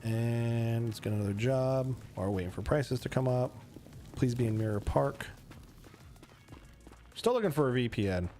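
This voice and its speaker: A man's voice: medium pitch, expressive, normal speed, long pauses, warm tone. A man streaming a roleplay game, chatting casually and talking to himself as he plays. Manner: rambling, talks to himself while playing. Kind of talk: casual gameplay commentary.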